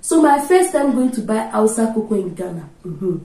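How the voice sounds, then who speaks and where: A woman's voice: fairly high pitch, normal speed. A chatty woman from Nigeria with a Nigerian accent, vlogging casually to camera. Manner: lively and chatty, often laughing. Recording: roomy, from a distance.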